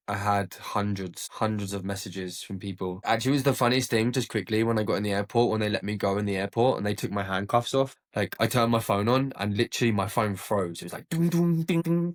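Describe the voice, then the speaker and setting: A young man, a podcast guest retelling a hard personal story in casual talk, full of "like" fillers and emotion. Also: lowish voice.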